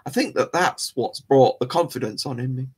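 Husky, chatty man. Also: medium pitch, normal speed. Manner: rambling, chatty, self-mocking. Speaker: live show host. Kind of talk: casual live-stream chat.

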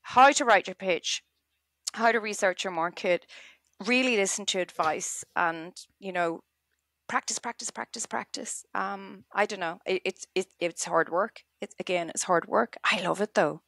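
A woman, an author chatting in an interview, animated and quick to act out little quoted scenes. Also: medium pitch, dry recording, clean studio sound. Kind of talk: casual interview chat.

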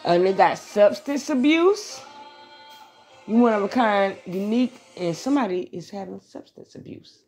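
Soft background music plays as a woman vents casually to her viewers, animated, blunt and full of profanity, speaking right to them. Her voice is mid-range at a moderate pace, and this vlogger then drifts into a live tarot reading.

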